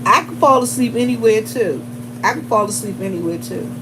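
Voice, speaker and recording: A woman's voice: a little high, fairly quick, noisy background. A woman hosting a casual livestream, chatting straight to her viewers and greeting them by name as they come in. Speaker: livestream host.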